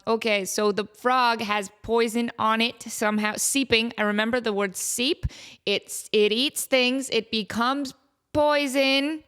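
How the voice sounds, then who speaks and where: Woman in her 30s, solo podcast host, slightly high voice, sleepy and rambling, self-deprecating humor. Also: fairly bright tone, clear, resonant tone. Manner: rambling, self-mocking, quick to laugh. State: tired, just woke up. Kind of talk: casual solo podcast chat.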